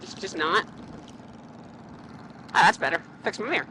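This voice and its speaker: Out on country roads, a woman from Canada narrates her motorcycle ride into a helmet mic with jokes, swearing, and plenty of rambling. She speaks at medium pitch and moderate pace with lively intonation and a bright, forceful tone, over poor audio with slight background noise.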